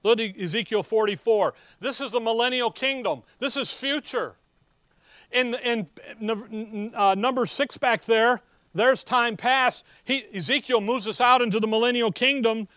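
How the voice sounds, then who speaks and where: Man, preacher, folksy animated sermon, smooth clear voice, high pitch. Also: unhurried, dry recording, studio quality. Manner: folksy, animated Bible teaching with scripture readings.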